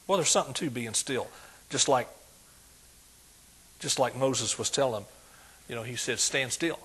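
A man preaching a sermon, folksy and animated, dropping soft and then rising loud. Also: mid-range voice, unhurried, long pauses, slightly rough.

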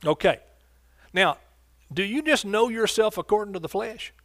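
Pastor, male, fairly high voice, dry close sound, call-and-response sermon delivery. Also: lively intonation, normal speed, a bit bright, no echo. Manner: preacherly call-and-response, asks congregation questions.

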